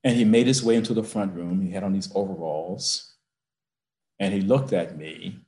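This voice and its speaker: Low-voiced man telling a heartfelt story. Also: normal speed, echoey room. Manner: emphatic, builds to forceful peaks. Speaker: university president, guest. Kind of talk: storytelling interview. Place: his office.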